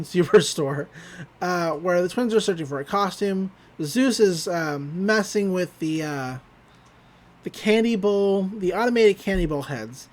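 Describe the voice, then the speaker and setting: High-voiced guy doing a chill podcast recap, laughs a lot. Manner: laughs often, chatty with fillers. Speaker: podcast host. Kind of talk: casual episode recap.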